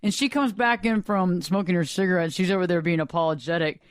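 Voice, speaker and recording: High-voiced, animated talk-radio host. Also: male voice, fast, smooth, no echo, clean studio sound. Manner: animated, rambling, dramatic retelling. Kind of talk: casual storytelling chat. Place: radio studio.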